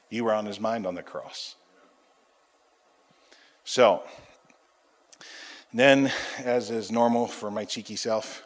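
A man with a somewhat low voice tells his testimony like a sermon, acting out every voice in the story. His words ring out into a big hall with a long tail of reverb. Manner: animated storytelling, acting out dialogue. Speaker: speaker giving a testimony.

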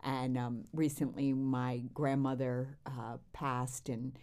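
A woman's voice: rumbling low, little pitch movement, takes it slowly, a little mellow, clean tone. A woman co-hosting a faith podcast who tells a personal story in an earnest way.

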